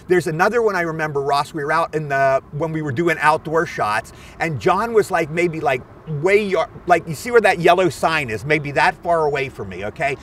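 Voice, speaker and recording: A man's voice: fairly high pitch, moderate pace, hardly any pauses, recorded from a distance, a little hiss or hum. A man in his sixties, an actor guest eagerly telling anecdotes outdoors. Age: 60s. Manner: animated, eager storyteller. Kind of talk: anecdotal storytelling. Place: outdoors at a film location.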